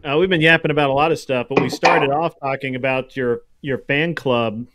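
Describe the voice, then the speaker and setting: A man's voice: medium pitch, fairly even intonation, fairly quick, heavy background noise. A man on a podcast making wry, needling jokes in casual chat.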